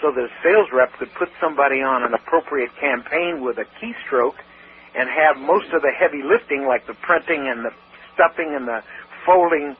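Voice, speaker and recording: A man's voice: mid-range voice, normal speed. A man telling a story as an interview guest, talking with animation and acting out what other people said. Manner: animated storyteller who acts out quoted speech. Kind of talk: phone-in storytelling. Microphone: telephone. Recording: tinny phone line with faint hiss.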